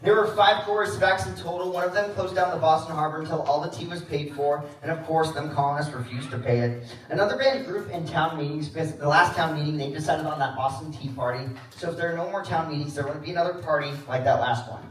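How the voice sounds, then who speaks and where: A man's voice: fairly high pitch, fast talker. A man hosting a class history presentation, hyping students, calling out points and leading rounds of applause with laughs in his voice. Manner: enthusiastic, hypes students, laughs often. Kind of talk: energetic classroom emcee. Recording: echoey classroom from far off, loud chatter and noise.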